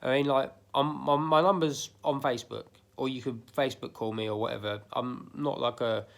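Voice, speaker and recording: A man's voice: mid-range voice, fairly even intonation, normal speed, creaky. A man giving blunt, emphatic life advice straight to his viewers, swearing freely and repeating himself. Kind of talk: casual direct-to-camera monologue.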